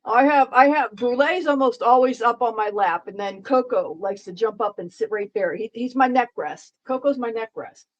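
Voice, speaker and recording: A woman with a high voice chats casually through a live stream. She rambles, repeats her words and jokes with her viewers in the chat. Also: normal speed, few pauses, muffled recording. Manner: rambling, repeats herself, joking and talking to chat.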